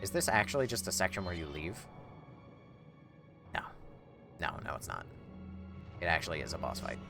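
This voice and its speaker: A man's voice: deep voice, animated, fairly quick. A man streaming a video game, giving casual, sarcastic commentary and swearing freely. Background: game music.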